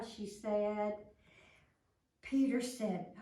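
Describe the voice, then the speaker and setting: An older woman telling a children's story in a slow, gentle, animated manner, recorded in a roomy space from a distance. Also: on the high side. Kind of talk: bedtime-style story reading.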